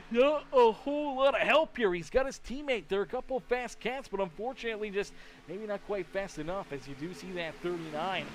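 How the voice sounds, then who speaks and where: A man from Canada calling a live sim race as commentator, excitable with loud bursts and rambling asides, tired and yawning. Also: fairly high pitch. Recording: noisy stream audio with race-car engine sound.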